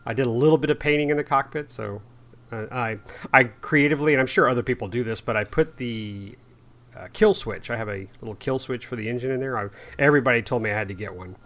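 A man's voice: mid-range voice, fast talker, a bit bright. Laughing, rambling man in casual chat. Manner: laughs often, self-deprecating, rambling with restarts. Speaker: podcast co-host.

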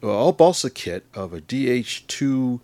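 A man's voice: medium pitch, very animated, a little slow, a little mellow, no echo. A man co-hosting a casual hobby podcast, easygoing and searching for words as he explains things. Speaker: podcast co-host. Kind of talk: casual chat.

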